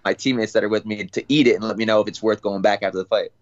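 A young adult man, a fighter guest, talking through his training routine in a relaxed, casual way. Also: lowish voice, highs cut off. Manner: relaxed, talks fast with fillers and restarts. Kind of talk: casual interview.

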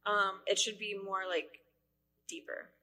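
A woman's voice: medium pitch, level tone, a little slow, bright, forceful tone. A woman co-hosting a podcast in casual chat, teasing and easily sidetracked. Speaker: podcast co-host.

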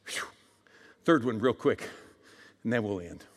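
A male preacher giving a dramatic sermon, swinging between loud proclamations and hushed asides and calling out for audience responses. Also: fairly low pitch, animated, measured pace. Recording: long hall reverb.

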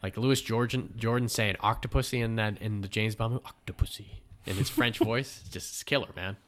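A man from the United States chatting casually as a podcast host, rambling and animated, swearing now and then and laughing at his own asides. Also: on the low side, moderate pace. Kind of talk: casual chat.

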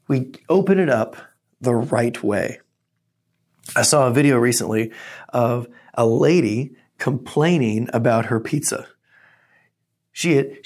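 Earnest man preaching a sermon. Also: mid-range voice. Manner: earnest teaching, animated storytelling. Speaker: pastor.

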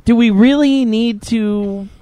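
A man's voice: very high-pitched, slow, warm tone, no room sound. A man hosting a podcast and telling a story in casual, profane chat. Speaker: podcast host.

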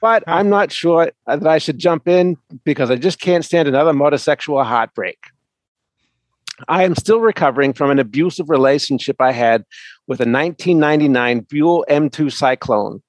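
A middle-aged man co-hosting a chat show, reading a listener's email aloud in a deliberate way. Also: on the high side, no room sound. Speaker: co-host.

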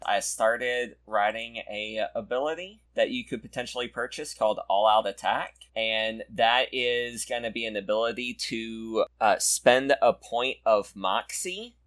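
A man's voice: mid-range voice, a little slow, hardly any pauses, a bit bright. A man acting as game master in a tabletop game chat, talking hesitantly with many fillers.

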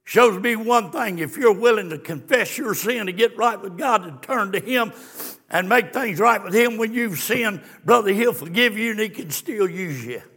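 A man preaching a fiery sermon, swinging from hushed storytelling to shouted exclamations. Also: sits high, lively intonation, moderate pace, slightly rough. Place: church sanctuary. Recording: long church reverb.

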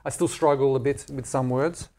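A man's voice: mid-range voice, fairly even intonation, moderate pace, a little mellow. A middle-aged Australian man chatting candidly as an interview guest, joking and self-deprecating. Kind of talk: casual interview chat.

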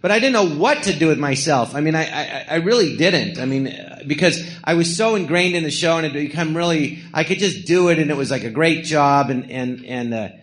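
A man's voice: fairly high pitch, expressive, fairly quick, few pauses. A middle-aged man telling rambling stories on a live podcast, slipping into quoted voices between laughs. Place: theatre stage before an audience.

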